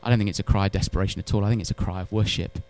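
A man preaching a sermon in church, animated, swinging between loud emphatic lines and hushed ones, with wry humorous asides. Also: deep voice, very fast. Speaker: pastor.

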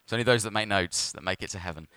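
A man preaching from a church pulpit, telling his story with self-mocking humour. His voice is bright and clean, with a ringing clarity. The sound is close and dry, with almost no room echo. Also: on the low side, rapid-fire, smooth. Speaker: pastor. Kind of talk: sermon.

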